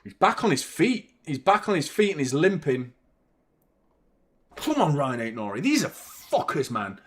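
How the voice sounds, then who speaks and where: A man's voice: fairly high pitch, very animated, moderate pace. A young man hosting a live football watchalong, chatting about the match and swearing at the referee. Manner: fan reacting to play, swears and shouts at the referee. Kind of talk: live match commentary and chat.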